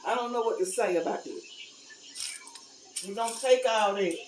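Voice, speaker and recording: A woman's voice: medium pitch, normal speed, a little hiss or hum, low-quality recording. A middle-aged woman talking casually to camera, candid and blunt, with a folksy, preachy manner. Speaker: vlogger.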